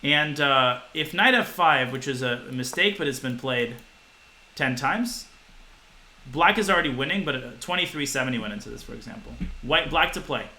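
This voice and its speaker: A man in his twenties giving a live-streamed chess lesson, talking fast to his viewers and thinking aloud. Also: medium pitch, expressive, bright, forceful tone, a little hiss or hum, low-quality recording. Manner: quick, talks to chat, thinks aloud with restarts.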